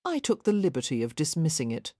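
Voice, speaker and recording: A woman voicing a confident, presumptuous Russian nobleman with a soft Russian accent and a mild, assured manner, in an audiobook. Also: low-pitched, big pitch swings, brisk, dry recording, studio quality. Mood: smooth, teasing. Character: Russian prince, smooth, confident, presumptuous man.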